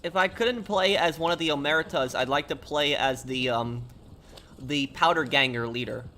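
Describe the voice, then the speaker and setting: A man's voice: a little high, normal speed, sharp tone, a little hiss or hum. A man streaming a video game, chatting casually and rambling through answers to viewers' questions. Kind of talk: casual live-stream chat while gaming.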